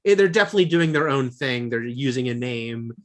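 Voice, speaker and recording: A man's voice: medium pitch, lively intonation, brisk, fairly bright tone. A man co-hosting a film podcast, chatting casually and rambling with lots of fillers. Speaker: podcast co-host. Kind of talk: casual chat.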